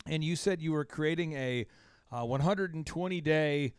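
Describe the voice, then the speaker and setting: A man hosting a radio show, talking in a casual, excitable way and laughing easily as he interviews a guest. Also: a little high, normal speed, clean tone, dry recording, clean studio sound.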